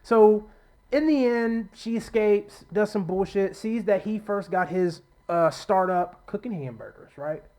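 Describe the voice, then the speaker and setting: A man's voice: high-pitched, measured pace, dark tone. A man co-hosting a podcast, retelling a movie plot in loose, profane, casual talk, acting out the characters' quotes. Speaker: podcast co-host.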